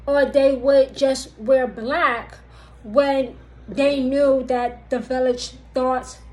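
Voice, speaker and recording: A woman vlogger whose high voice has a steady, darkish tone teaches witchcraft lore in a rough recording. Addressing viewers directly, she keeps it casual, slow and emphatic, repeating her points.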